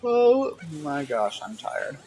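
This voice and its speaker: A man's voice: fairly high pitch, huge pitch swings, slow, dark tone. A man streaming a game from his room, talking to the screen in a sassy, teasing way. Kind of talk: casual gameplay commentary.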